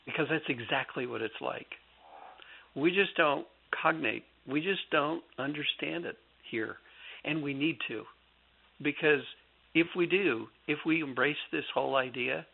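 A man who is an author being interviewed on a radio show, speaking reflectively with halting restarts over a phone line. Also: fairly high pitch, vocal fry. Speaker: guest author.

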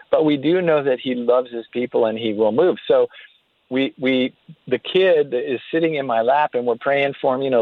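A man's voice: mid-range voice, no room sound. A man, a guest on a radio interview, telling stories earnestly and often restarting his sentences. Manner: earnest, faith-filled storytelling with frequent restarts. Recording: tinny phone-line sound.

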